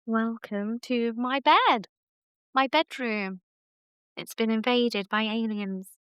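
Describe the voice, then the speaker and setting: A woman hosts a relaxed late-night podcast chat from her bedroom, chatty and teasing. Her voice is smooth and clear, and the recording is close and dry, with no room sound. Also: on the high side, slow pace, no echo. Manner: chatty and teasing, light-hearted. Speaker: podcast host.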